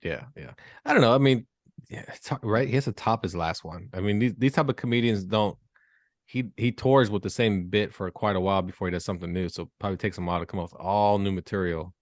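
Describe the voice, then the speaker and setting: A man's voice: fairly low pitch, fast, no room sound, clean studio sound. A man hosting a casual, joking podcast chat who laughs easily. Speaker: podcast host.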